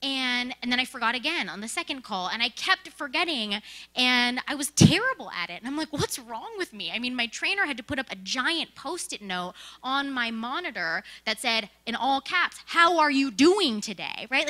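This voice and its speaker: Bright-voiced, animated young woman storyteller. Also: sits high, moderate pace. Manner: animated storytelling with frequent "right?" and "like". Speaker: presenter sharing work experience. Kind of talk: conversational presentation.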